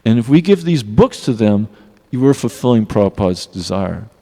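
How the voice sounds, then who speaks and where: A man giving a devotional class in a temple hall, telling personal stories in an earnest, animated way. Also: lowish voice, moderate pace. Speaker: class speaker. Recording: long reverb of a hall.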